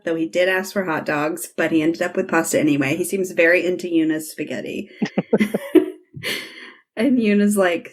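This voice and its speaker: A woman's voice: fairly low pitch, normal speed. A woman hosting a podcast, recapping a TV episode in casual chat and acting out the characters' lines as she retells scenes. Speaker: podcast host.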